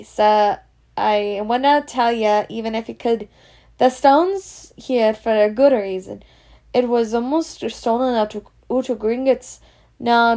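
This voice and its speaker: A big, secretive, kindly gamekeeper speaks with a broad Scots burr and gruff, drawn-out words, as a woman reader puts him on. The voice sits a little high and has a gravelly edge. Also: mellow.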